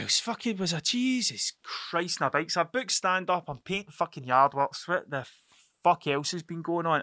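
A man's voice: fairly high pitch, pushed and bright, no room sound, studio quality. Sweary man rambling on a podcast. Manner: swears constantly, restarts and digresses. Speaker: podcast host. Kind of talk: casual rambling monologue.

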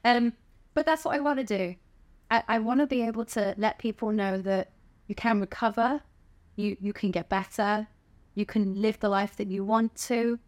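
Casting: middle-aged southern English woman, candid guest, casual swearing, easy laughs, mid pitch. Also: measured pace, long pauses. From England. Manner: frank and chatty, swears casually, laughs often. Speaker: podcast guest, stand-up comedian. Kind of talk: candid conversational interview.

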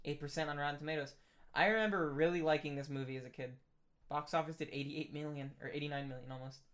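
A man's voice: fairly high pitch, steady tone, fast, fairly bright tone. A man chatting casually as a podcast co-host, asking many questions and laughing easily. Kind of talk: casual chat.

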